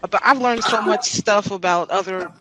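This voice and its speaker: Brief: high-pitched man, casual and chatty, laughs a lot, noisy call line. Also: moderate pace. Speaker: team member on a panel. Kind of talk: casual chat.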